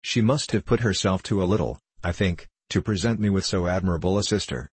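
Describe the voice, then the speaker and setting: A man with a husky voice reading a cheerful, easygoing young male painter in a light, teasing manner. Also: low voice, brisk, no room sound.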